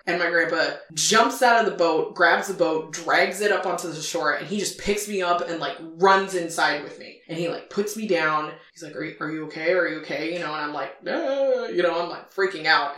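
A woman's voice: on the low side, moderate pace, hardly any pauses, fairly bright tone. Chatty woman in an echoey room. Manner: chatty, many "like" fillers. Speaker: podcast co-host. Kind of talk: casual storytelling. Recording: echoey room, a bit far from mic.

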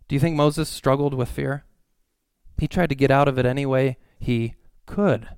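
A man's voice: mid-range voice, steady tone, normal speed, darkish tone, clear, resonant tone, no echo. A man preaching a sermon in a conversational way, asking his listeners questions.

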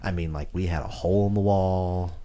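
A man's voice: deep voice, a little fast. A young man in casual podcast chat, telling stories with lots of swearing and acted-out quotes. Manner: animated, swearing, acts out quotes. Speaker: podcast co-host.

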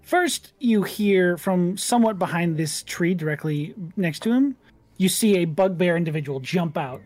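A woman narrating scenes as game master in a tabletop game, often laughing. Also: moderate pace. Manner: descriptive, laughs often, lively pitch.

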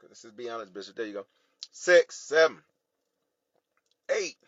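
A man preaching as a bishop on a livestream, energetic, talking straight to viewers and repeating phrases for emphasis. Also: medium pitch, normal speed, no room sound, highs cut off. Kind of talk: livestream sermon.

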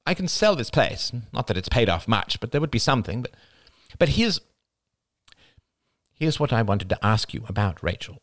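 A man's voice: on the low side, big pitch swings, unhurried, pauses often, no room sound, clean studio sound. A man voicing a proud, ailing middle-aged woman, a former famous reporter, who talks in a brash, snappish, theatrical way. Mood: pleading.

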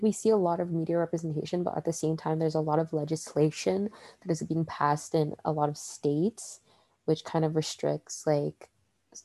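A woman's voice: low voice, creaky, mellow, no echo. A woman hosting a casual podcast, rambling and earnest with lots of fillers. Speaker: podcast host.

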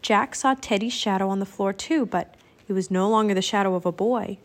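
A woman narrating a children's audiobook with clear, expressive storytelling. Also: mid-range voice, a little fast. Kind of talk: audiobook reading.

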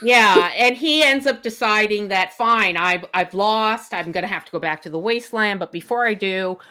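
A woman's voice: medium pitch, moderate pace, bright, forceful tone. A woman in casual chat, animatedly retelling a novel's plot and quoting the characters in her own voice. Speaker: book discussion co-host.

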